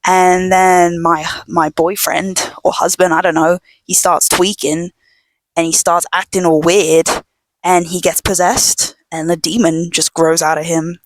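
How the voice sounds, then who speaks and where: Young female podcast host, lowish voice, loose rambling chat at home, dry close sound. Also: level tone, a little slow, dry recording. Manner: rambling, filler-heavy storytelling with many "like"s; drops to a hush at times. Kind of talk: casual chat.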